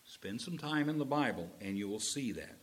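A man preaching a sermon as pastor, animated, with folksy asides to the congregation. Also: medium pitch, moderate pace.

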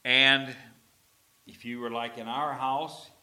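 This middle-aged male pastor delivers his sermon flatly, moving from loud, drawn-out proclamations to low, chatty storytelling.

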